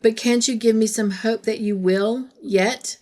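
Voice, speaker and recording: A woman reading the lines of an earnest, lovestruck young man in a storybook, speaking quietly. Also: a little high, steady tone, unhurried, lightly acted.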